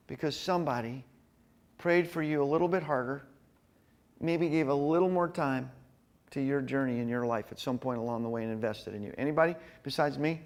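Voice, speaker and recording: Energetic high-voiced man telling a story. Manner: storytelling, energetic, acts out scenes. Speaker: men's group leader. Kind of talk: animated church talk.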